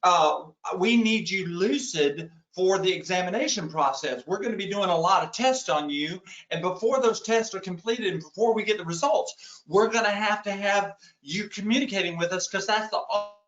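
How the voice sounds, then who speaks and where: A man's voice: high voice, normal speed, a bit bright, reverberant, highs cut off. A man voicing a stern, no-nonsense female hospital nurse inside a story, curt and firmly insistent.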